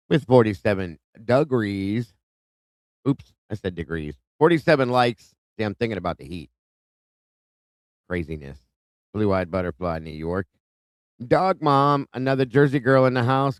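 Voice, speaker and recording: A man's voice: fairly low pitch, clear, resonant tone, no echo. A man hosting a live stream, casually greeting viewers by name and reading their comments aloud. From Ohio. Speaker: livestream host. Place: home in Ohio.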